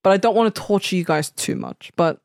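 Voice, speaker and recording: A woman's voice: mid-range voice, fairly quick, gravelly, no room sound, studio quality. A woman co-hosting a casual podcast, rambling with lots of fillers. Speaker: podcast co-host. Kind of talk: casual chat.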